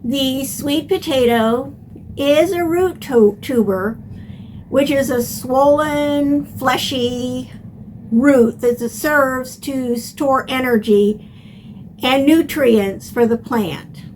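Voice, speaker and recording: An older woman hosting a home gardening lesson, explaining step by step in a plain, unhurried way. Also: high voice, darkish tone, a little hiss or hum. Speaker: gardening channel host. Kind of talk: instructional gardening video.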